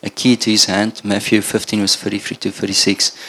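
A man's voice: lowish voice, monotone, a little fast, sharp tone, husky. A middle-aged man from Namibia preaching a sermon in an earnest, conversational way. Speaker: pastor.

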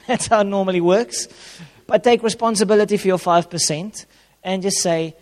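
A man's voice: sits high, steady tone, fairly quick. A man giving an informal sermon on marriage as a pastor, conversational and plain-spoken, repeating key phrases. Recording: long hall reverb.

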